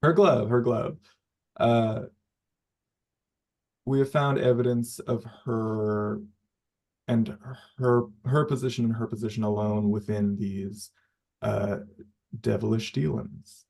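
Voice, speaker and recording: A man with a lowish voice speaking slowly in character at a tabletop game. He hesitates often and searches for his words. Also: fairly even intonation, gravelly, darkish tone. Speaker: player.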